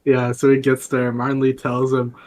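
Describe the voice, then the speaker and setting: Young guy cohosting, average pitch, chill, chimes in with details. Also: completely flat delivery, moderate pace, darkish tone. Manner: laid-back, agreeable, chimes in to fill in details. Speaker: podcast co-host. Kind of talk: casual chat.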